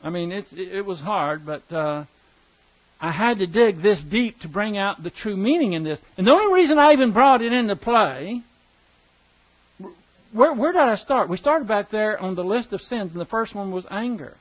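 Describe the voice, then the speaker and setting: A man's voice: high-pitched, lively intonation, moderate pace, muffled recording. A man teaching a Bible class verse by verse, explaining Greek grammar step by step and asking the class questions.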